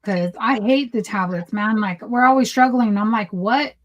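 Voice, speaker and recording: A young woman with a slightly high voice talks in a relaxed, casual way. She tells stories with lots of energy and slips into acting out both sides of the conversations she describes. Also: moderate pace, highs cut off. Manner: animated storytelling, acts out quoted dialogue. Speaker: podcast co-host. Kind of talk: casual chat.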